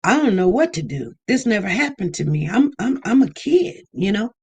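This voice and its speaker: A woman giving casual vlog commentary. She speaks in an animated way, circling back over her points and repeating herself. She now and then mimics other people. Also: medium pitch, normal speed, breathy edge. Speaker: online news commentator.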